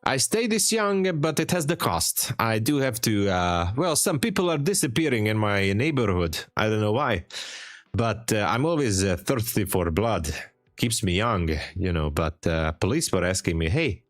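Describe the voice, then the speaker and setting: A man's voice: lowish voice, expressive, normal speed, no echo, studio quality. A man from Hungary with a Hungarian accent, chatting casually and joking on a trading live stream. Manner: joking, chatty, laughs often. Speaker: livestream trader.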